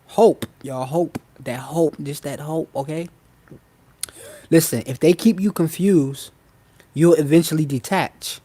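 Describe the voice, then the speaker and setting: A man's voice: a little high, a little slow, dark tone. Emphatic man teaching a live masterclass. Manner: emphatic, repetitive, constantly checks in with listeners; slangy and informal. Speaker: self-help channel host. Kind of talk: live-stream masterclass lecture.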